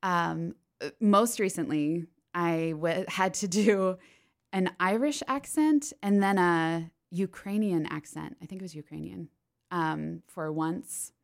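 Woman from Pennsylvania, podcast guest, chatty, laughs a lot, lowish pitch, loose "like" fillers. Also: slow, vocal fry. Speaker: podcast guest, stage actress. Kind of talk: casual interview chat.

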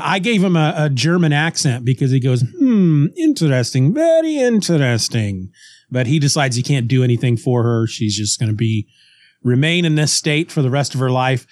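A man co-hosting a chatty podcast, retelling a comic plot with animated energy and frequent restarts. His voice sits a little high for a man. The sound is dry and close, with no room echo. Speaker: podcast co-host. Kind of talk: casual chat retelling a comic story.

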